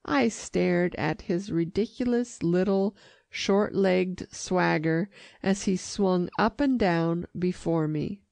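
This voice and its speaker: Audiobook reader: woman, low voice, slow and even delivery. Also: vocal fry, no room sound. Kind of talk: audiobook narration.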